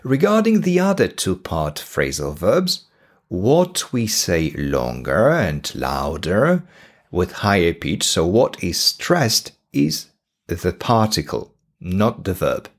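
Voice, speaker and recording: A man with a Polish accent teaching an English lesson on a podcast, slow and deliberate, repeating each example sentence. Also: fairly low pitch, very animated.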